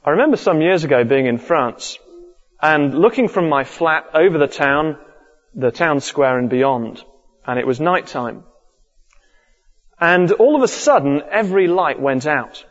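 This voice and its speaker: A man's voice: on the high side, animated, a little slow. Man preaching in an echoing hall. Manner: earnest, repeats key points. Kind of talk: sermon. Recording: dull lo-fi recording with long hall reverb.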